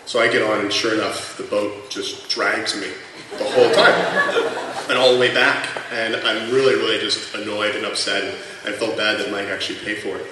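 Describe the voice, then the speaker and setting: A man's voice: on the low side, steady tone, moderate pace. A man in his thirties sharing anecdotes as a former colleague at a tribute panel, chatty and full of fillers. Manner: chatty, lots of fillers, laughs through the punchlines. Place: large convention hall. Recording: echoey hall from far off, noisy room.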